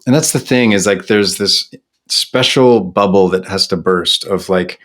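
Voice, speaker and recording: A man's voice: low-pitched, unhurried, a bit bright. A middle-aged man from Canada, a singer-songwriter talking candidly as an interview guest, reflective and self-deprecating with many restarts.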